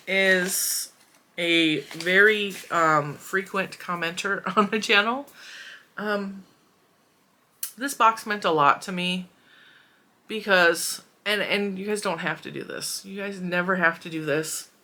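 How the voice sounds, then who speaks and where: A woman in her forties runs a crochet channel and chats casually and emotionally while opening mail, giggling and using fillers. Her lowish voice is steady, slow, pushed and bright.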